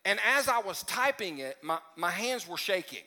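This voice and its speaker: A man's voice: sits high, very animated, normal speed, pushed and bright, long reverb tail. A male pastor preaching a conversational sermon, joking and stumbling over restarts as he talks to his congregation. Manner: conversational and self-deprecating, with frequent restarts and asides. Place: church sanctuary.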